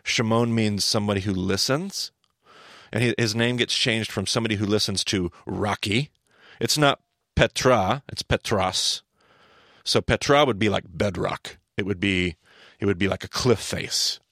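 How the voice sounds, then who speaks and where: A man hosting a podcast, teaching scripture in a casual, animated back-and-forth with his co-host. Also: fairly low pitch, moderate pace, dry recording, studio quality. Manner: animated, thinks aloud, asks his co-host questions.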